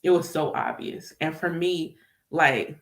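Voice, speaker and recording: A woman vlogging casually about spirituality as a medium, emphatic and animated, repeating phrases and laughing easily. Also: low voice, measured pace, echoey room. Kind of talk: casual spiritual chat to camera.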